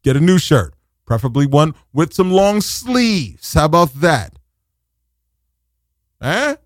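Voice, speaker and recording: A man hosting an internet radio show from a New studio, delivering a comic rant that swings into shouted, mocking voices. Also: fairly high pitch, very animated, slow, no room sound. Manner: exasperated ranting, shifts into shouted mocking voices.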